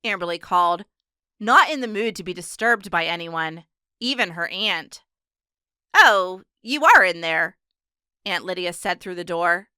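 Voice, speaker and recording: A woman narrating an audiobook in a steady, measured storytelling manner. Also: lowish voice, clear, resonant tone, dry recording, clean studio sound. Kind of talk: scripted narration.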